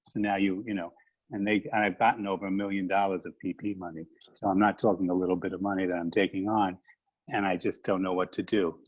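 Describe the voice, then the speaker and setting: Halting middle-aged man on a muffled call. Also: low voice, little pitch movement. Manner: halting and earnest, many fillers. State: emotional. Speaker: salon owner asking a question. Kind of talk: webinar question. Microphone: video call. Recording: muffled lo-fi video call audio.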